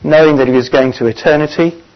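A man preaching a sermon, earnest and often pausing on "uh" as he gathers his thoughts. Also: a little high, fairly even intonation. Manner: earnest, pausing with frequent "uh" fillers. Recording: dull lo-fi recording.

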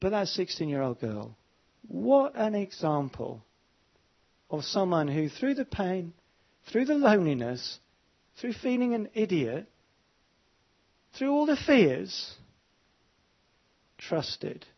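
A man's voice: high-pitched, very animated, takes it slowly, gravelly, pauses often, lo-fi sound. A man preaching an evening sermon, emphatic and repeating his words, with frequent fillers. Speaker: pastor.

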